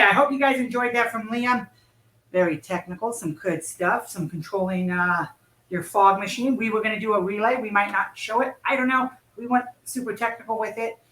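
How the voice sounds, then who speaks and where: A livestream host chatting upbeat and excitable, interviewing a guest from home without a headset. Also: mid-range voice. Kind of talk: live-stream chat and interview. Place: home, in California. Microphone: computer mic without headset. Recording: echoey room.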